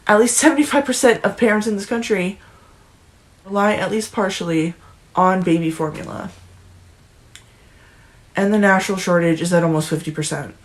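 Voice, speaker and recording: A woman's voice: medium pitch, moderate pace, long pauses. Young woman vlogger, foul-mouthed and tearful, ranting hard. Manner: profane, emotional, ranting, restarts often. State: near tears. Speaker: political commentary vlogger. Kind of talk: angry political rant vlog.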